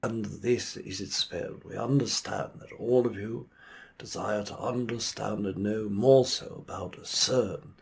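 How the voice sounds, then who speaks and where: A man channeling a grandiose male alien entity in a put-on foppish British accent, lecturing slowly and earnestly. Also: fairly low pitch, fairly even intonation, vocal fry, a little hiss or hum. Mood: solemn. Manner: slow, earnest, New Age lecturing. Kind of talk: played channeling video.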